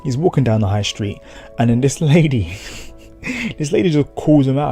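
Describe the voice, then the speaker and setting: A man casually recapping and reviewing an anime episode, rambling and slangy, swearing and acting out quick bits of dialogue. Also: mid-range voice, animated, mellow, breathy edge, faint music behind.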